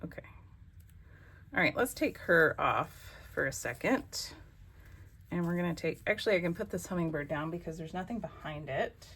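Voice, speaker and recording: A woman's voice: fairly low pitch, expressive, normal speed, fairly bright tone, breathy edge. A woman hosting a crafting vlog, chatting casually and talking to herself as she works. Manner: chatty, exclamatory, talks to herself while working. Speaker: crafting channel host.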